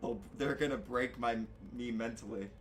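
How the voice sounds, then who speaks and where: A man streaming a game, loud and excitable, swearing and yelling in bursts. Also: medium pitch, moderate pace, slight background noise. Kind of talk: live gameplay commentary.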